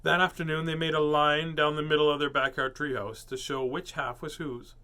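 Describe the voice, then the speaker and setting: A man's voice: on the high side, little pitch movement, brisk, pushed and bright, clean tone. A man reading a children's storybook aloud, doing playful character voices and joking asides. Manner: playful, jokey asides and puns. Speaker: storybook reader.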